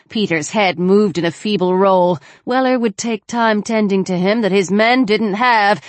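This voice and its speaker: A woman narrating a novel in a measured, steady reading voice. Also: mid-range voice, no room sound. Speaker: audiobook narrator. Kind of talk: scripted narration.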